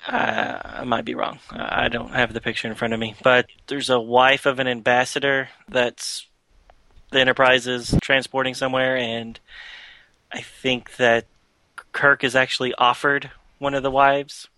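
A man with a bright, forceful voice trades wry remarks and keeps the chat rolling. He sounds close and dry, with no reverb. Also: medium pitch, flat delivery, a little slow. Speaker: podcast co-host. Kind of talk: casual chat.

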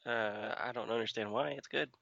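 A man's voice: mid-range voice, normal speed, gravelly, fairly bright tone, no echo. A man co-hosting a podcast, chatting casually with dry, teasing humor. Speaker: podcast co-host. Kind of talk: casual chat. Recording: slightly dull lo-fi sound.

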